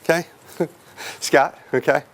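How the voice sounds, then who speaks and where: A man giving an energetic real estate sales training seminar to a live audience, asking the crowd questions and acting out clients. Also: a little high, slow pace, creaky. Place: office or meeting room with an audience.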